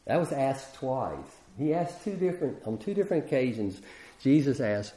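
A man's voice: mid-range voice, very animated, moderate pace, mellow. A middle-aged man preaching a sermon in a conversational way, often restarting his sentences. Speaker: pastor.

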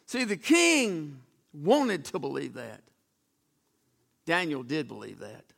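A man's voice: fairly high pitch, wildly swooping pitch, slow, vocal fry, fairly bright tone. A man preaching a sermon, retelling Bible stories in a folksy, dramatic way with acted-out voices. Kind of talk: storytelling sermon.

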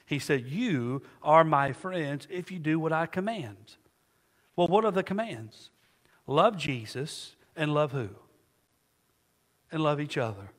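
Emphatic male pastor preaching in a reverberant church. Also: mid-range voice. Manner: emphatic preaching with call-and-response questions. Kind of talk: sermon. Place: church sanctuary.

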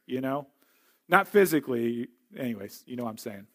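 A man's voice: mid-range voice, animated, normal speed, a bit bright. A man preaching a sermon as pastor, conversational and earnest, often asking rhetorical questions.

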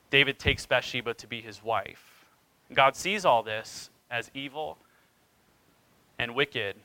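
A man's voice: mid-range voice, pushed and bright, clear, resonant tone, no room sound, low-quality recording. A man preaching a sermon as pastor, retelling scripture dramatically with wide swings in emphasis.

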